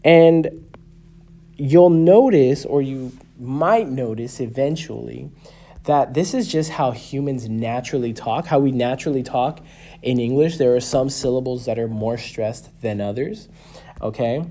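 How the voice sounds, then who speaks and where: A man in his thirties gives a patient classroom lecture, speaking at an unhurried pace. His voice is mellow and warm rather than bright. He keeps checking that the class is following with a quick "okay?" or "right?". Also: medium pitch. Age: 30s. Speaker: teacher.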